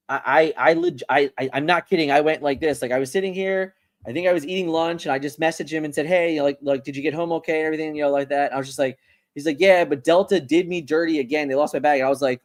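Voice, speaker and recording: A man's voice: fairly high pitch, moderate pace. Rambling male livestream host. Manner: rambling, repeats words, animated. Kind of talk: casual livestream chat.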